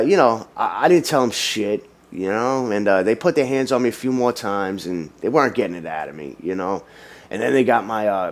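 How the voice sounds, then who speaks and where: A young man, casually telling his own story in streetwise slang, full of "you know" fillers. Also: lowish voice.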